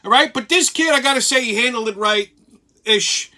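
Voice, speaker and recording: A man's voice: very high voice, normal speed, pushed and bright. A middle-aged man from Brooklyn with a New York accent, hosting a show and telling a profane story in a brash, swaggering way. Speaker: host.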